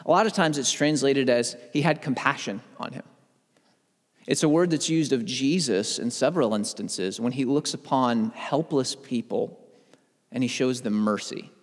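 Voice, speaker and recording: A man in his thirties giving a conversational Bible teaching, telling personal stories in an animated way that builds up steam. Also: medium pitch, moderate pace, big-room sound. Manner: animated storyteller who gets worked up. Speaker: podcast host teaching on faith.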